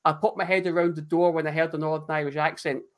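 A man co-hosting a podcast, excitable and sweary, often tripping over his words. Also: fairly high pitch, fast talker. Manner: excitable, stumbling restarts, sweary. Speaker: podcast co-host. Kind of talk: casual chat.

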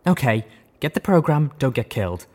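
A man's voice: medium pitch, big pitch swings, moderate pace, a little mellow, voice pushed up. A man reading an audiobook, voicing a scrawny, nervous male unicorn who whines and frets. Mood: whiny. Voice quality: whiny, fretful. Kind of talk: audiobook character voice.

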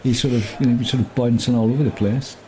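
A man's voice: medium pitch, steady tone, quick pace, mellow. Chatty man reading a story aloud. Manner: chatty, jokey. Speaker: story reader. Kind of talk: casual reading and chat.

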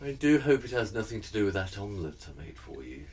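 A man in a comedy sketch talks with exaggerated courtesy and a faintly sinister, sly undertone. His pitch moves a lot as he speaks. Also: sing-song, fast, breathy edge. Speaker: comic sketch visitor.

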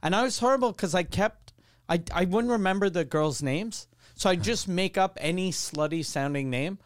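Podcast host guy, smooth clear voice, kinda high, dry studio sound, swears a lot. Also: moderate pace, dry recording. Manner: storytelling, profane, laughing. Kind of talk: casual comedy podcast chat. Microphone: studio microphone.

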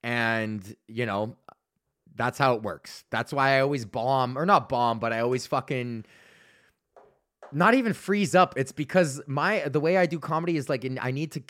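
A man's voice: medium pitch, normal speed, fairly bright tone. A male comedian hosting a solo podcast, ranting in a loose, rambling, profane way.

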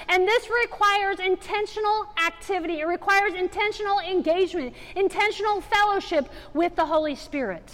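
A woman preaching a sermon to a church congregation, animated and building to emphatic exhortation. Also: very high voice, moderate pace. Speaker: guest preacher. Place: church sanctuary. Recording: reverberant hall.

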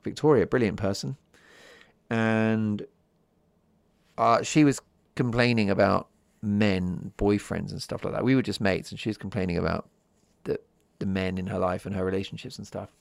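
A man hosting his own podcast in a calm, chatty monologue, keeping his voice soft and easy for listeners drifting off to sleep. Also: on the low side, moderate pace, creaky, no echo. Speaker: podcast host.

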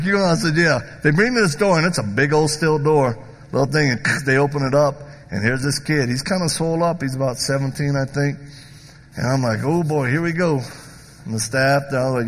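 A man preaching to a live crowd, telling his stories with jokes and acting out the people in them. His mid-pitched voice has a gravelly edge. The sound carries the long reverb of a large hall. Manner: animated, joking storyteller who acts out voices. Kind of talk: sermon with storytelling.

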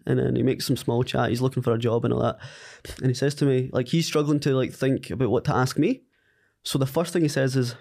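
A man's voice: mid-range voice, brisk, gravelly. A man from Scotland with a Scottish accent, a podcast guest telling a story in casual chat and acting out what people said. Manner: animated anecdote teller, quotes others.

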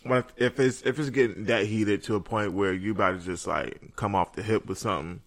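A man with a fairly low voice talks in an easygoing, slangy way during a relaxed conversation. He strings his thoughts together loosely with lots of "like" and "you know.". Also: fairly quick. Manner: laid-back, slangy, lots of "like". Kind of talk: casual chat.

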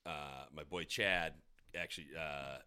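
A man's voice: very deep voice, steady tone, a little slow, bright, forceful tone, clear, resonant tone. A man with a New England accent, a restaurant owner telling rowdy stories on a podcast, swearing freely and acting out the quotes. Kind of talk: casual podcast storytelling.

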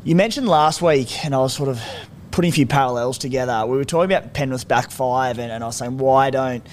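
A man's voice: mid-range voice, fast talker, a little hiss or hum. A man with an Australian accent, talking sport as a podcast co-host in a laid-back, rambling way. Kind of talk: casual sports chat.

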